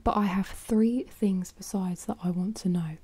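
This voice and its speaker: A woman's voice: medium pitch, steady tone, normal speed, a little mellow, husky, no room sound, close to an everyday voice. A woman voicing a bold, fearless young man in a whispered role-play.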